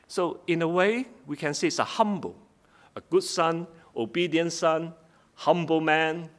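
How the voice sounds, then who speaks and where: A man's voice: on the high side, measured pace. A man giving a sermon, reading Bible verses aloud and then explaining them in plain, simple words with frequent restarts. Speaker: preacher. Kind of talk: sermon, Bible study exposition.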